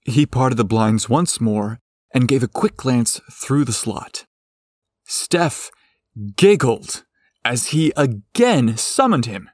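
A man narrating a scripted story in a slow, expressive way. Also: medium pitch, breathy edge, no room sound, clean studio sound.

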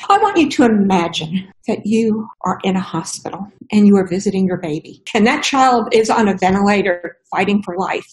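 A woman's voice: mid-range voice, darkish tone, rough recording. A middle-aged woman from Indiana giving an emotional, impassioned testimony, her voice pleading and at times breaking.

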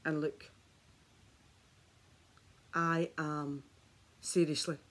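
A woman's voice: low voice, level tone, very slow, fairly bright tone. A woman vlogging a skincare demonstration at home, chatty and enthusiastic as she talks straight to her viewers on the camera mic. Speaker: beauty vlogger.

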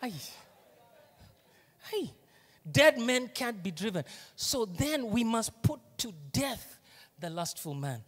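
High-voiced Kenyan pastor preaching in a hall. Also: male voice, takes it slowly, pauses often. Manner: animated preaching, shifts between hushed asides and loud emphasis. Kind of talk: sermon. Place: church auditorium.

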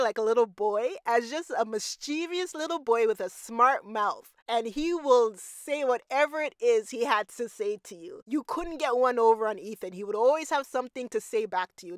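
A woman gives reaction commentary on podcast clips, driving her points home and repeating them. Her voice sits fairly high and sounds smooth and clear, recorded dry and close with no room sound. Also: no room sound. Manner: emphatic, repeats points for effect. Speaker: commentary channel host.

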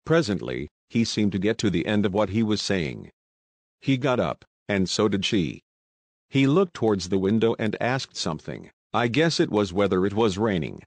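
A man reading a novel aloud as an audiobook narrator, in steady storytelling. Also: lowish voice, dry recording.

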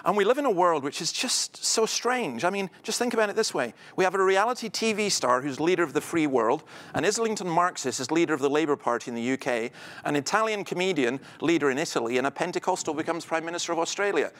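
Man, middle-aged, slightly higher voice, anecdotal speaker with dry humour. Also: expressive, quick pace, few pauses, a bit bright. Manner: conversational, anecdotal, wry. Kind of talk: public talk. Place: event venue.

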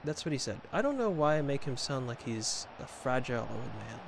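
A gaming streamer with a medium-pitched, very animated voice talks a little fast, with some vocal fry, over background noise. He jokes sarcastically and pokes fun at himself while commenting on his gameplay and answering chat in a casual live stream.

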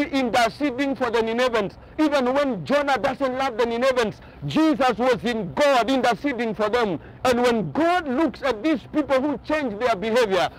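High-voiced pastor preaching. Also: male voice, rough recording. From Kenya. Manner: emphatic preaching with repeated phrases. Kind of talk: sermon. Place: outdoors on a boat by the ocean.

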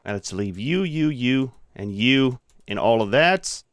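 A man's voice: mid-range voice, animated, measured pace. A man hosting a gaming channel, giving casual commentary as he plays and chatting to his creatures in a laid-back way.

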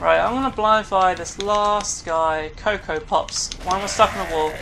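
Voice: medium pitch, normal speed, vocal fry, hardly any pauses, fairly bright tone, a little hiss or hum. A gamer giving live commentary on their own play, groaning often and swearing at opponents on screen. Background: game music.

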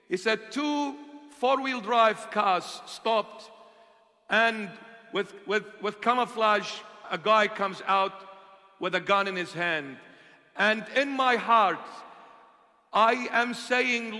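High bright-voiced man preaching, hall reverb. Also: slow pace. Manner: impassioned, swings from hushed to loud. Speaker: bishop. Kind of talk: sermon storytelling.

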